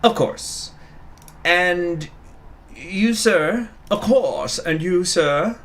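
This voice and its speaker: A man doing a courteous, higher-voiced waiter. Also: expressive, very slow, fairly bright tone, full character voice. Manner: polite, deferential. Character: courteous male restaurant waiter.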